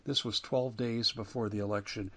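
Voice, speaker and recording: A man's voice: on the low side, fairly even intonation, moderate pace, sharp tone. Man, talk radio host, emphatic, indignant delivery. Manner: emphatic, rising and falling with indignation.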